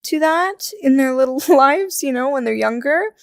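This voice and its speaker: A young adult woman chatting as a podcast guest, telling lively stories, acting out quoted voices and laughing often. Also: high-pitched, moderate pace, no room sound, clean studio sound. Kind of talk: casual conversational interview.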